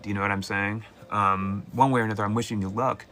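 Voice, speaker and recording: A man's voice: on the low side, quick pace, slight background noise. A man hosting a live call-in tarot reading, talking casually and playfully to viewers. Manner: animated, playful, jumps into mock voices. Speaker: tarot reader host.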